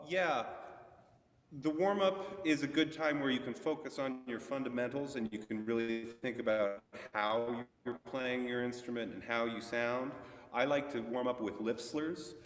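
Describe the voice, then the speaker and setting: A man giving a relaxed trombone masterclass, explaining technique with sung examples over a video call. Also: mid-range voice, measured pace. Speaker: trombone teacher. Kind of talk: masterclass instruction. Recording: echoey hall, far from mic.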